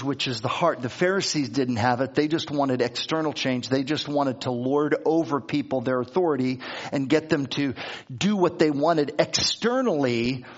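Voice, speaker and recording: A man's voice: on the high side, dull audio. A male pastor preaching a sermon in a conversational way, often restarting and repeating words as he reads and explains scripture.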